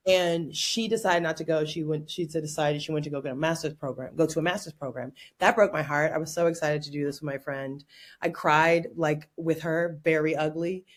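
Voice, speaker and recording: A woman from Oakland, California, a podcast guest telling stories in an animated, playful way and laughing often. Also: deep voice, a little fast. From Oakland, California, USA. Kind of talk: casual interview chat.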